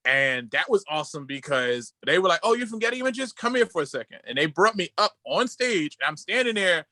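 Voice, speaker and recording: Bright-voiced man telling excited stories. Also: fairly quick, no echo. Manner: excited storytelling, quoting others in a lowered voice. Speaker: podcast co-host. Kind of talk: casual podcast chat over a video call. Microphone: video call.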